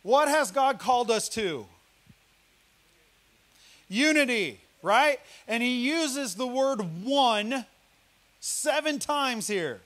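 A man from Missouri, a guest preacher, delivering a lively sermon with a loud, yelling style and playful teasing of the congregation. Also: extremely high pitch, takes it slowly, pauses often.

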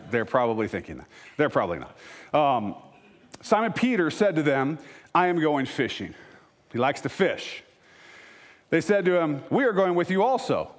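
Lively, animated male pastor preaching. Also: on the high side. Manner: casual, joking asides between readings. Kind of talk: sermon with scripture reading.

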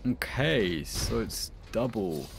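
A young man giving casual, joking commentary while playing a video game, sometimes breaking into high excited yelps. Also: slow, vocal fry, over music. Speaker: gameplay commentator. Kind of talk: casual let's-play commentary.

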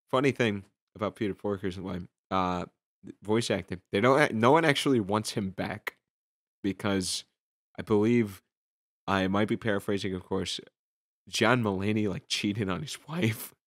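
Low-voiced young man rambling on a podcast. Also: fairly bright tone, dry recording, clean studio sound. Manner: rambling storytelling with many fillers and restarts. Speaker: podcast host. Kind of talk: casual podcast chat.

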